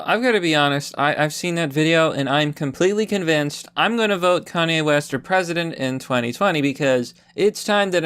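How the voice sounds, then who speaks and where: Sarcastic higher-voiced man hosting commentary. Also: clean tone. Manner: sarcastic, jokey, animated. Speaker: commentary channel host. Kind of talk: casual political commentary.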